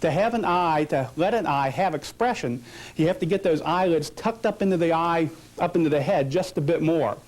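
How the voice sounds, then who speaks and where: A man's voice: on the high side, normal speed, a little mellow. A man teaching a portrait photography lesson, asking questions and answering them, coaching a model through poses. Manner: explains with rhetorical questions, coaching a posing model. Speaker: photography instructor. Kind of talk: instructional demonstration.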